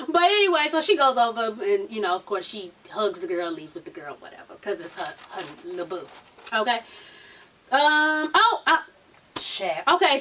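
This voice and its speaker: A woman's voice: a little high, bright, forceful tone, far from the mic. A woman with a Southern US accent recapping a reality TV episode in a blunt, profane, sassy manner. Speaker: TV recap vlogger.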